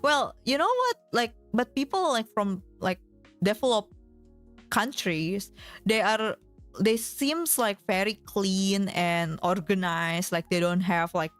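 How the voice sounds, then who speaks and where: A woman's voice: mid-range voice, lively intonation, takes it slowly, soft background music. A woman streamer in casual chat, giggling often and filling her talk with fillers.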